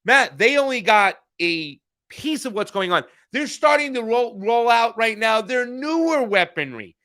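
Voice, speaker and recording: A man co-hosting a political news podcast talks in a very high, sing-song, sharp voice at a measured pace. The casual chat runs heated and profane, with frequent sentence restarts.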